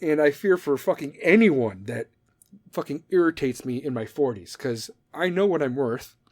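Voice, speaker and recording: A man's voice: a little high, lively intonation, moderate pace, a little mellow. A man in his thirties hosting a podcast, talking in a blunt, profane, rambling monologue that drifts off on tangents. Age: 30s. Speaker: podcast host.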